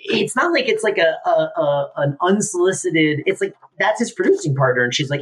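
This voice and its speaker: Husky man chatting enthusiastically. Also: fairly high pitch, lively intonation, fairly quick, few pauses, a bit bright. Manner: chatty, enthusiastic, lots of fillers. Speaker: podcast co-host. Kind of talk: casual chat recapping a sitcom episode.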